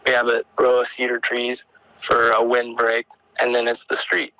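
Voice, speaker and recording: A mid-range male voice, recorded dry and at low quality, belongs to a caller describing an encounter. He talks casually and meanders, often starting sentences over and using fillers, becoming urgent and worked up as the story develops.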